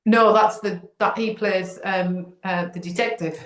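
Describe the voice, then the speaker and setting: Podcast co-host, woman, mid-pitched, chatty, echoey room sound. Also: fairly even intonation, unhurried. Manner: chatty, with frequent restarts and "do you know what I mean". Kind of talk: casual chat. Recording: roomy echo.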